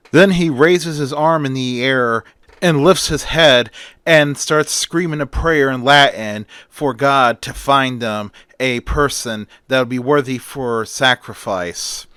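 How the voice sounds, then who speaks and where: A man's voice: medium pitch, takes it slowly, fairly bright tone, clean tone, no room sound. A man casually retelling a story, stringing events together with "and then". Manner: rambling, strings clauses with "and then".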